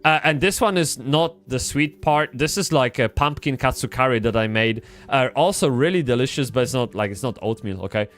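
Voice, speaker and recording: A man's voice: medium pitch, animated, fairly quick, hardly any pauses, fairly bright tone. A man from Poland, chatting casually while streaming a game, rambling with frequent restarts and swearing. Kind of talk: casual gaming livestream chat.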